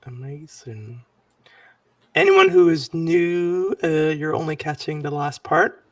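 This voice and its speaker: A man running a tabletop game as game master, talking in an animated, halting way with many fillers. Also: a little high, dry recording, recorded from a distance.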